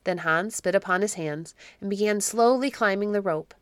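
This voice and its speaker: A woman narrating a classic children's tale in a measured, even reading. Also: mid-range voice, no room sound, clean studio sound. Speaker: narrator and podcast host. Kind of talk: storybook narration.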